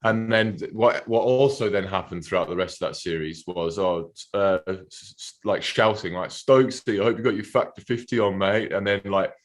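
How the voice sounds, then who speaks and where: Brief: male guest, somewhat low voice, loose rambling anecdote. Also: moderate pace, hardly any pauses. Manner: rambling, restarts, giggly. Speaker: guest cricketer. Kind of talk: casual storytelling.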